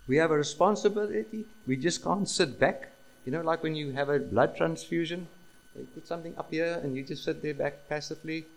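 A male preacher delivering a sermon in a voice pitched a little above the usual. He talks emphatically, repeats key phrases and keeps asking his listeners questions. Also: rough recording.

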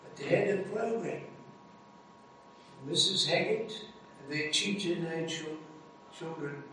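Slow, echoey man preaching a sermon. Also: a little high, pushed and bright, a little hiss or hum. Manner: dramatic, rising to emphatic peaks with slow stressed phrases. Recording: echoey hall, heard from a distance.

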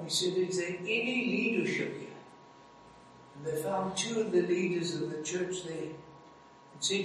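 A man with a high voice preaches a dramatic sermon at an unhurried pace, leaning hard on slow, stressed phrases. His voice rings through a very echoey hall and is picked up from some distance. Faint background noise sits under it.

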